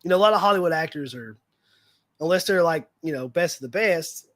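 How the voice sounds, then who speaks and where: A man with a fairly high-pitched voice hosts a relaxed fan livestream chat. He rambles and restarts, padding his thoughts with plenty of filler words. The sound is dry and close, with no room around it. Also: fairly quick, dry recording. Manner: rambling, heavy use of fillers like "like" and "you know". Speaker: livestream host.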